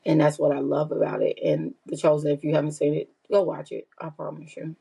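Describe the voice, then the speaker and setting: Middle-aged woman host, gravelly husky voice, candid heartfelt solo podcast talk. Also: sits low, little pitch movement, a little fast, dark tone, rough recording. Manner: candid and heartfelt, repeats herself for emphasis. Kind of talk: casual personal monologue.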